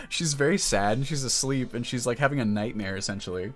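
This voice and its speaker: Low-voiced man chatting on stream. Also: animated, a little fast, hardly any pauses, fairly bright tone. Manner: rambling, emotional, often breaks off mid-sentence. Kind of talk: casual livestream chat. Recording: music playing in the background.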